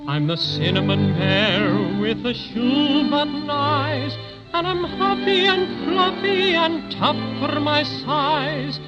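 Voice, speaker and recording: An actor playing a small, good-natured male teddy bear with an Irish brogue, who sings a slow growling rhyme and chats kindly. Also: very high-pitched, over loud music. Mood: sing-song. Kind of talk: 1930s radio acting. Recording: dull old radio recording.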